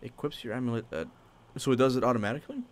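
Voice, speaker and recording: A man streaming a video game, chatting casually and excitably as he plays, with the odd swear. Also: medium pitch, very fast. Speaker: gaming streamer. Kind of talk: casual live gameplay commentary.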